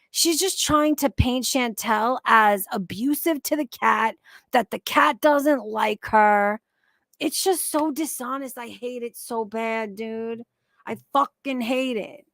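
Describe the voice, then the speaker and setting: A woman's voice: on the high side, vocal fry, dry recording, studio quality. A woman hosting a casual livestream, talking in an emphatic, profane, rambling way about online drama. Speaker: livestream commentary host.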